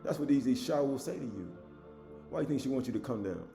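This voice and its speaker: A man preaching a sermon, reading scripture loudly and dropping to low asides, with casual rhetorical questions to his listeners. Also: fast, echoey room, soft background music. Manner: swings between loud emphatic reading and low murmured asides.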